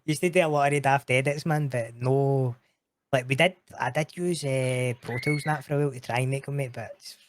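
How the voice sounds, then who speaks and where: A man's voice: medium pitch, fairly even intonation, brisk. A Scottish man chatting casually as a podcast guest, slangy and laughing often, swearing freely. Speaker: podcast guest, roleplay streamer. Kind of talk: casual chat.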